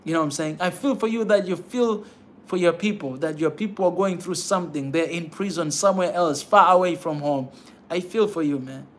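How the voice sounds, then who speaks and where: A brisk, rather high-voiced man hosts a pan-African livestream, speaking passionately to his audience. He pleads more than he lectures, repeating himself for emphasis and tagging lines with "man."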